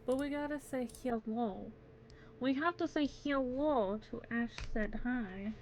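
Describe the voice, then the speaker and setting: A woman's voice: fairly high pitch, measured pace, darkish tone, slight background noise. Giggly woman chatting on a craft stream. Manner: giggly, chatty, yawning near end of stream. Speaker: crochet streamer. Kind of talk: casual chat with stream chat.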